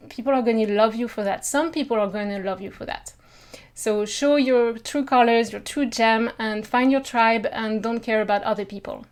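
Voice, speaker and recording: French lady explaining stuff in a friendly chatty way, kinda high voice, french accent. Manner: chatty, reassuring, mixes in French phrases. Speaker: language teacher. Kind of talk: casual video lesson.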